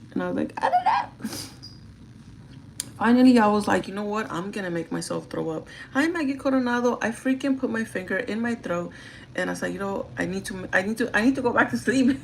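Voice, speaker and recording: A young adult woman livestreaming her makeup routine, telling a story in a chatty, profane, animated way. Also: medium pitch, vocal fry, slight background noise, low-quality recording. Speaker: livestreaming beauty vlogger. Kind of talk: casual storytelling while doing makeup.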